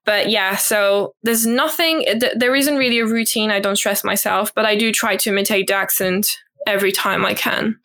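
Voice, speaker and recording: A young woman who grew up speaking French talks with a picked-up British twang in her bright, forceful voice. She answers an interview question thoughtfully and hesitantly, filling pauses with ums. Her pitch sits in the middle of the range for a woman. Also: steady tone. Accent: British English twang. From French-speaking country. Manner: thoughtful, hesitant, many ums and light laughs. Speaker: guest, au pair. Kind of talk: casual interview.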